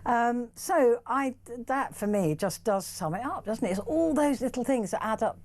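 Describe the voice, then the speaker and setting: A woman's voice: fairly high pitch, lively intonation, normal speed, darkish tone. A woman hosting a talk radio phone-in, chatty and effusive with her callers. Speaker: radio host.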